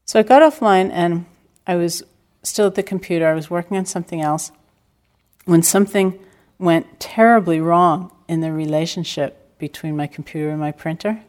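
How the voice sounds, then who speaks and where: Low-voiced woman giving a calm meditation talk. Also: moderate pace. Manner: calm, reflective storytelling with gentle self-deprecating humor. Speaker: meditation teacher. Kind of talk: dharma talk. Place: retreat center hall.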